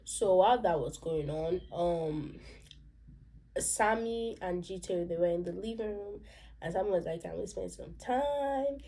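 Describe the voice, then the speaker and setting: A woman's voice: lowish voice, unhurried, warm tone. A young Nigerian woman recapping a series episode in a chatty, opinionated way, with asides in Pidgin and Yoruba. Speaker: vlogger. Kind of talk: casual reaction recap.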